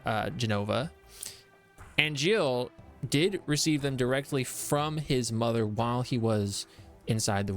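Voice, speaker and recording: A man's voice: mid-range voice, a bit bright. A man streaming a game, chatting casually, explaining lore at length with many fillers and reading out viewer messages. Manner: reads chat aloud and greets viewers. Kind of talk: casual live-stream chat.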